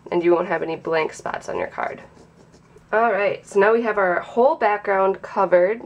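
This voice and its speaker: A young woman hosting a casual craft tutorial, sounding nasal from a sinus infection and explaining in a chatty, relaxed way. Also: mid-range voice, moderate pace, dull audio.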